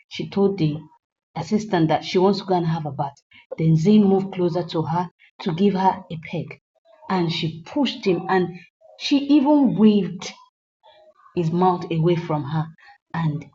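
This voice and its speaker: A woman narrates a film's plot in a storytelling recap and pauses to lecture her viewers earnestly. Her voice is warm and mellow. The recording sounds dull and lo-fi. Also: fairly low pitch. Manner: earnest, moralizing asides to viewers. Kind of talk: storytelling film recap with commentary.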